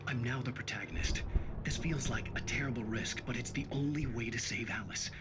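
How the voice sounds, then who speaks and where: Man playing a brooding male writer, grave game narration, dread-filled, mid-pitched voice, music under it. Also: a little fast, natural voice. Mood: grim. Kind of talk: game voice acting, inner narration.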